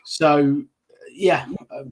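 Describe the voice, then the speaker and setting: A man co-hosting a football fan podcast, measured and factual. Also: a little high, fairly even intonation. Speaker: podcast co-host. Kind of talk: casual fan podcast chat.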